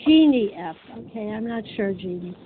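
A woman moderating a meeting, briskly working through a list of names and keeping things moving. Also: medium pitch, lively intonation. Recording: tinny phone line with faint hiss.

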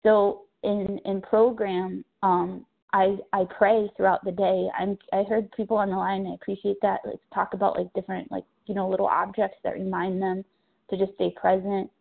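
A woman talks openly at a recovery meeting, pausing often to find her words. Her voice has a gravelly fry. It comes through a narrow, tinny phone line. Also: medium pitch, little pitch movement. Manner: halting, searching for words, candid. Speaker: recovery meeting member sharing. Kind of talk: personal share on a phone meeting.

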